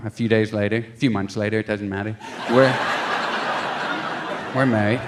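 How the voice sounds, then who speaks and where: A stand-up comedian telling a story on stage, acting out his own quotes with lively shifts in voice. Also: medium pitch, background noise. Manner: animated storytelling with acted-out quotes. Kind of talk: stand-up routine. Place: comedy club stage with a laughing audience.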